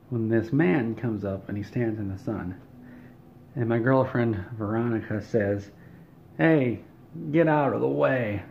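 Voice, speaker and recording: A man spins an absurd comic tale in a flat, deadpan delivery and keeps tripping over his words and correcting himself. His voice sits at an ordinary middle pitch. The recording sounds dull and lo-fi. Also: a little hiss or hum. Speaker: comedic storyteller. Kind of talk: comedic monologue.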